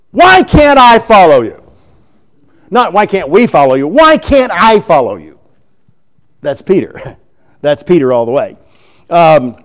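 A man preaching a sermon, retelling scripture in an animated, chuckling storytelling way. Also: a little high.

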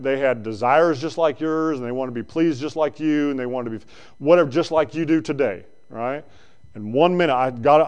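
A male preacher with a mid-range voice gives a conversational sermon, swinging between loud bursts and quiet asides.

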